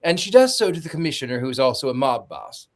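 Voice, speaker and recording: A man's voice: mid-range voice, big pitch swings, quick pace. A man giving a sarcastic, joking movie recap as a podcast panelist.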